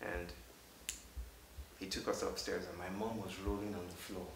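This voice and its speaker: A man in his thirties from Africa, giving an earnest, halting storytelling talk to a live audience. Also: sits low, flat delivery, creaky. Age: 30s. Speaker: public speaker. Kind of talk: storytelling lecture. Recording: roomy hall from a distant mic with faint hiss.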